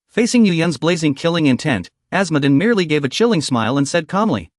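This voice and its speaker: A man's voice: fairly high pitch, big pitch swings, brisk, hardly any pauses, no echo, clean studio sound. A man narrating a story recap in a scripted, dramatic storytelling voice.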